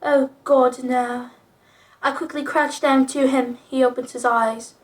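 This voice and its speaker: A woman's voice: high voice, fairly even intonation, unhurried. A young woman reading old fanfiction aloud with profane, snarky commentary. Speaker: video creator reading fanfiction.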